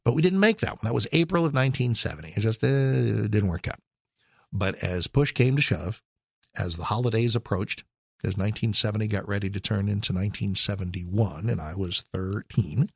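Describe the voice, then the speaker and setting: A gravelly, husky-voiced man in his sixties hosts a talk radio show, winding through a memory with wry asides and frequent self-corrections. His voice sits low and sounds close and dry on a studio mic. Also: lively intonation, fairly quick, no room sound. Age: 60s. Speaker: radio host. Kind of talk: talk radio monologue, personal reminiscence.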